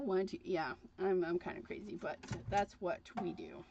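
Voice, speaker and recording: A woman hosts a crafting livestream, chatting casually and rambling with frequent fillers while she works. Her voice is medium-pitched and a bit bright, at a moderate pace with hardly any pauses. The audio is dull and lo-fi, with slight background noise.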